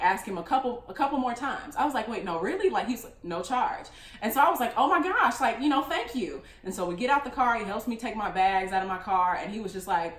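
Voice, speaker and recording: A woman's voice: medium pitch, reverberant. A young woman telling a personal story in a casual, chatty way with lots of fillers. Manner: chatty, many fillers, laughs often. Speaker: vlogger.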